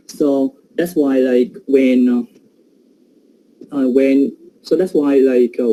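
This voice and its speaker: Dark-voiced man giving a hesitant lecture. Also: mid-range voice, slight background noise, poor audio. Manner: hesitant, many fillers. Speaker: presenter. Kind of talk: academic presentation on pronunciation.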